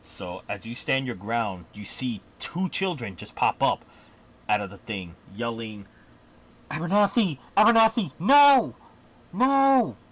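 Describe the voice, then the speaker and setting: A man's voice: fairly low pitch, a bit bright. Hesitant man narrating as game master. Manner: halting, hesitant narration with fillers.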